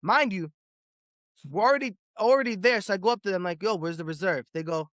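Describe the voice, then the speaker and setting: Man, podcast host, slightly high voice, excitable storytelling, dry close sound. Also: brisk, dry recording. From Boston area. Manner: animated storytelling, swears freely, repeats words. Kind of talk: casual podcast chat.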